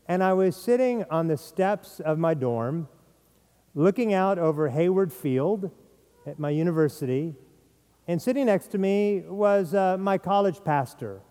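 A man's voice: sits high, expressive, measured pace, mellow, clean tone, big-room sound. A middle-aged man preaching a sermon as pastor, earnest, sometimes repeating words as he stresses a point.

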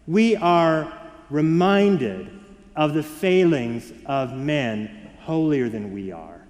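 A man preaching in a church sanctuary, his fairly high voice carrying a long reverb tail. He moves from hushed, slow, earnest points to brighter, animated storytelling for the children. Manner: varied and expressive, dropping soft for emphasis, rising for children. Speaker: pastor. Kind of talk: sermon.

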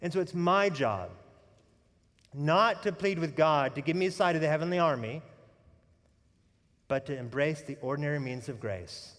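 Pastor preaching in a reverberant hall. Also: male voice, a little high, moderate pace, pauses often. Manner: animated storytelling, drops to hushed tones; folksy asides and humor. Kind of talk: sermon.

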